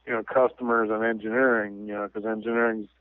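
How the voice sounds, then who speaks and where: A man chatting casually and retelling scenes with lively laughter. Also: on the low side, fast talker, no echo. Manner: animated storyteller who laughs often and retells scenes. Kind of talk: casual chat. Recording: tinny radio transmission, dry.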